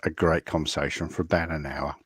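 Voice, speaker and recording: A man's voice: a bass voice, little pitch movement, fairly quick, fairly bright tone, slightly rough, dry recording, studio quality. A man from England, co-hosting a casual chat, rambling with stumbling restarts. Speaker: co-host.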